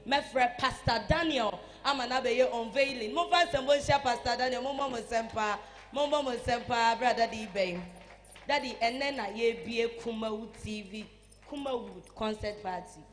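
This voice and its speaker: A master of ceremonies loudly hyping a live show and calling guests up. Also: mid-range voice. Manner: loud, hyping the crowd. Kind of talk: hyped live show emceeing. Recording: voice from far off the mic.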